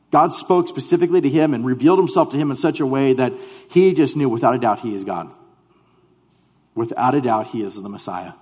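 A man's voice: mid-range voice, brisk, a little mellow, breathy edge, long reverb tail. A man preaching a sermon as pastor, earnest and conversational, often restarting his sentences. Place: church sanctuary.

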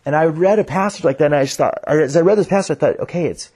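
A man preaching a sermon, reading scripture in a slower, lower voice and explaining it earnestly. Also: darkish tone, slightly rough. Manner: reads scripture in a lower, slower voice, then speeds up; earnest, restarts sentences. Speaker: pastor.

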